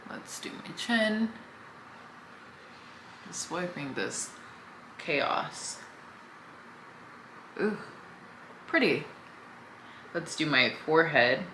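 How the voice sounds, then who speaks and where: A young woman chats her way through a makeup routine in a casual, easygoing way. Her voice sits low but comes across bright and clear. The room around her is echoey, with a faint hum underneath. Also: animated, very slow, pauses often. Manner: chatty, talks while applying makeup, easygoing. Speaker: beauty vlogger. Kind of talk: casual makeup tutorial chat.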